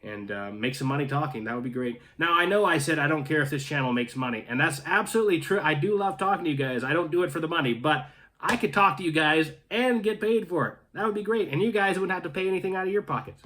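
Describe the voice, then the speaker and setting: Channel host, man, raised in North Carolina, higher register, casual rambling chat with jokes and restarts. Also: lively intonation, quick pace, pushed and bright. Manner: rambling, joking asides, frequent restarts. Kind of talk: casual chat reading viewer comments. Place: home in Canada.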